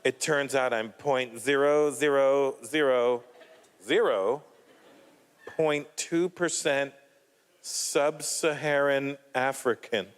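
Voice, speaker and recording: A man's voice: medium pitch, slow, clear, resonant tone, lightly acted. A man putting on the voice of a gushing young white woman, whiny and dramatic.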